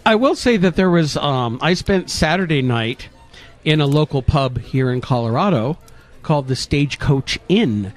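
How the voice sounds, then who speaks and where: A man's voice: a little high, moderate pace, soft background music. A man, a paranormal investigator and co-host, chatting casually on a radio show and telling stories with frequent fillers. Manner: relaxed storytelling with frequent fillers.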